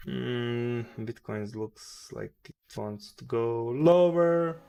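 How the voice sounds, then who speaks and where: A man hosting a live trading stream, muttering to himself and cursing at the charts with sudden loud outbursts. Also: medium pitch, drawn-out words, creaky, clear, resonant tone. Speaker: livestream day trader host. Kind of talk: casual live-stream commentary.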